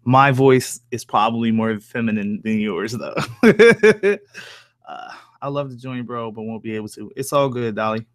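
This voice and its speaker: A man's voice: on the low side, steady tone, normal speed, no echo, clean studio sound. A young man from Oklahoma chatting casually on a live stream, answering viewers with lots of fillers, cursing and jokes. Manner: rambling, profane, joking, lots of fillers. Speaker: streamer reading chat.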